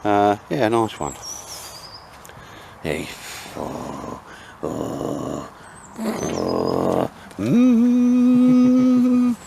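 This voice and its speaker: A man's voice: fairly low pitch, huge pitch swings, drawn-out words, vocal fry, long pauses, very noisy. A man hosting a vlog, chatting and joking casually outdoors in the woods, calling everyone mate. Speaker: vlog host. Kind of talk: casual banter. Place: outdoors in cold wet woods.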